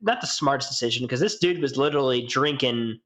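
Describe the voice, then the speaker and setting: A young man co-hosting a podcast, telling a college road-trip story in a casual, animated, profane way. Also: medium pitch. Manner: animated, profane, quick bursts of laughter. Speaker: podcast co-host.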